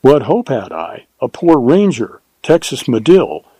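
A man reading an audiobook, voicing a devoted frontier ranger in a quiet, earnest, steady way. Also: medium pitch, a little slow, breathy edge, dry recording.

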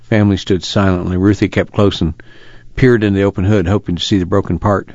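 Male audiobook narrator, steady delivery, low pitch, dull lo-fi sound. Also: a little fast, dry recording. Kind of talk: scripted narration. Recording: dull lo-fi recording.

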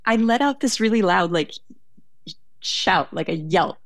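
A woman's voice: medium pitch, animated, measured pace, dry recording. A young woman telling a story in conversation, hesitant and self-correcting, laughing now and then.

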